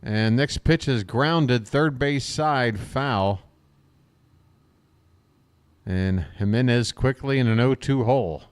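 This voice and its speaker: A man's voice: mid-range voice, slow pace, pauses often, clean tone. Chatty man calling a ballgame live. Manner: chatty, wisecracking, talks to viewers in chat. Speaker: fan play-by-play commentator. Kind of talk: live streamed play-by-play with chat banter.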